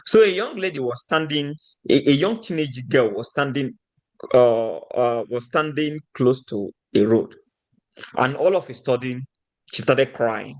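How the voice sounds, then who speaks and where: A man's voice: mid-range voice, expressive, a little slow. A man from Nigeria giving a motivational teaching talk, often putting rhetorical questions to his audience.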